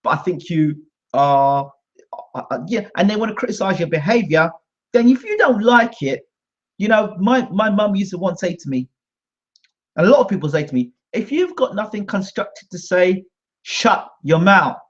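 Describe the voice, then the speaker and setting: At a moderate pace, a British man with a high, expressive voice rants to the camera on his own channel. He's indignant, combative and repetitive, and the audio comes across dull and lo-fi.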